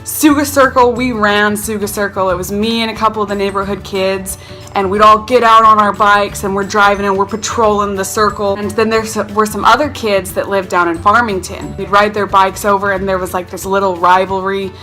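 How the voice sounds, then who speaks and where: A young woman vlogger telling funny childhood stories in a casual, chatty way. She is animated and pokes fun at herself, slipping into the voices of the people in her stories. Her voice is bright and forward, and soft music plays faintly behind her. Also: medium pitch, fairly quick. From North Carolina. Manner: animated, self-mocking, acts out quotes. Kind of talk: casual storytelling to camera.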